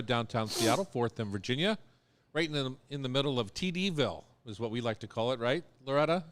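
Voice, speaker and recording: A man's voice: medium pitch, brisk, fairly bright tone, a little hiss or hum. A man hosting a live radio show in a studio, chatting casually and rambling with fillers. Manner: rambling, easygoing, with many fillers.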